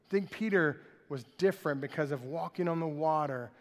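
A male pastor preaching in a lively, conversational way. His voice sits high. Long reverb from a large church hall hangs behind him. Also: fairly quick. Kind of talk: sermon.

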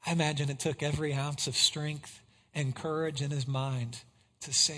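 A man preaching a sermon, swinging between hushed passages and loud exclamations of praise. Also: fairly high pitch, flat delivery, moderate pace. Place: church sanctuary. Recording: long hall reverb.

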